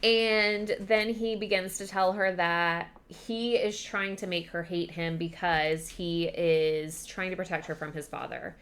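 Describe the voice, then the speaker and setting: A woman's voice: lowish voice, fairly even intonation, measured pace, hardly any pauses, fairly bright tone. A young woman hosting a book podcast, giving a chatty, rambling recap full of fillers. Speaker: podcast host.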